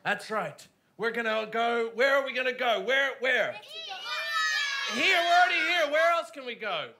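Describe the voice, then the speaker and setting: An Australian man performs kids' sketch comedy in a high, swooping voice. He is loud and playful, and the live stage recording carries a clear hiss underneath. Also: animated, normal speed. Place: theatre stage before a young audience.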